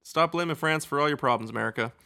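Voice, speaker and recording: Bright-voiced man joking sarcastically. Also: on the high side, fast, creaky. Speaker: podcast co-host. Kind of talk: casual chat.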